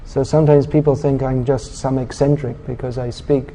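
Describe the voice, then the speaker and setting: A man's voice: medium pitch, level tone, moderate pace, warm tone, slight background noise. A man giving a sermon in a blunt, scolding and sarcastic manner, as a preacher giving a scripture class in a temple or lecture hall.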